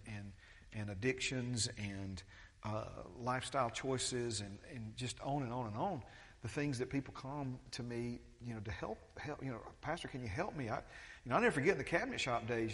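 A man's voice: mid-range voice, a bit bright. Male preacher, conversational and repetitive, recorded with long reverb in a church. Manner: conversational, full of restarts and quoted voices. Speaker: pastor. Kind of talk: sermon.

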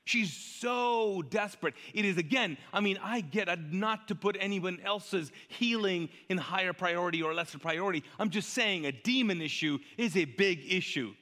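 In a high, bright, forceful voice, a male pastor preaches at a moderate pace with few pauses, chatting with the congregation and filling his sermon with rhetorical questions and call-and-response prompts. A long reverb makes it sound like he's on stage in a large church auditorium.

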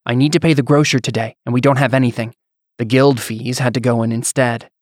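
A man voicing a blacksmith's weary wife who speaks in a sharp, accusing way. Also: medium pitch, fairly even intonation, brisk, no room sound, clean studio sound, close to an everyday voice. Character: bitter, worn-down wife of a blacksmith.

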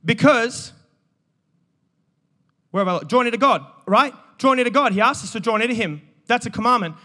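A man preaches with animated energy, bantering with the people in front of him between points. His voice sits high for a man and rings bright and forceful. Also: fast talker. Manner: animated, joking, calls out to the congregation. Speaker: pastor. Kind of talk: energetic sermon with audience banter.

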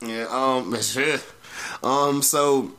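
A man's voice: mid-range voice, steady tone, extremely slow, fairly bright tone, smooth. A man hosting a casual podcast, recapping a show in a laid-back, profane way with frequent laughs. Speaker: podcast host.

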